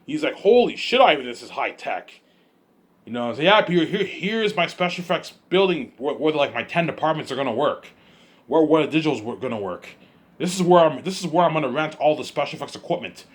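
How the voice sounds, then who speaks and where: A man with a husky voice rambles through a solo monologue, daydreaming aloud. He talks quickly, restarting sentences and repeating himself, with lively swings in pitch. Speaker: vlogger.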